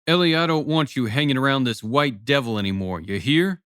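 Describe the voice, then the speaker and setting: A man's voice: medium pitch, expressive, a little fast, fairly bright tone, clear, resonant tone, no room sound, clean studio sound, lightly acted. A man reading an audiobook, voicing a brash, teasing father with boisterous, sarcastic ribbing.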